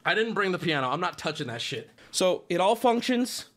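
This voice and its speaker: A man's voice: high voice, big pitch swings, a little fast, a bit bright. A man streaming, telling a long rambling story to his chat, cursing often, laughing at himself and mocking his own overreaction.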